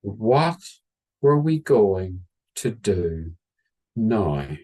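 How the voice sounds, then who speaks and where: Husky storyteller. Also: male voice, lowish voice, big pitch swings, mellow. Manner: wry, conversational, with dramatic slowdowns. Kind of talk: oral storytelling.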